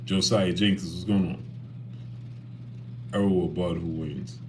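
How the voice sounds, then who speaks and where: A man's voice: low voice, fairly even intonation, slow pace, darkish tone, slight background noise. A man hosting a casual boxing livestream, talking animatedly and greeting chat viewers by name.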